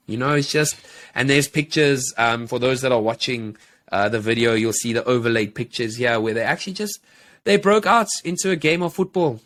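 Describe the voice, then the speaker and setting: A man's voice: mid-range voice, moderate pace, a bit bright. A man co-hosting a podcast, telling a story in a casual, rambling way with many fillers. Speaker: podcast co-host.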